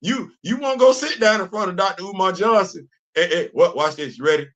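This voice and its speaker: A man hosting a comedic live-stream commentary, talking in an animated, teasing, emphatic way. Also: sits high, fairly quick. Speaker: host.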